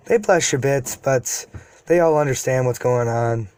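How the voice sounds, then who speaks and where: A man's voice: medium pitch, normal speed, a little mellow, smooth. A man retelling a fan story in a casual, rambling way, with self-deprecating asides to his viewers. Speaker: YouTube storyteller.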